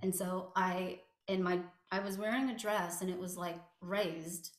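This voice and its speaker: A woman recounting a painful personal story as an interview guest, halting and full of fillers and restarts. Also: fairly low pitch, fairly even intonation. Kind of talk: personal testimony. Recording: echoey room.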